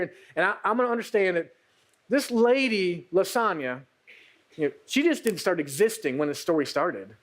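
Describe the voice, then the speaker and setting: A male pastor delivering a sermon in a high, very lively voice that climbs and falls through an animated retelling. He speaks straight to the women in the room. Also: brisk. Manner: animated storytelling, addresses the women directly.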